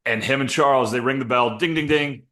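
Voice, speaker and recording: A man's voice: mid-range voice, a little fast. Man setting up crude joke bits. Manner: deadpan setups for absurd sketch bits, crude and joking. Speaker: podcast co-host. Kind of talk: casual comedic chat.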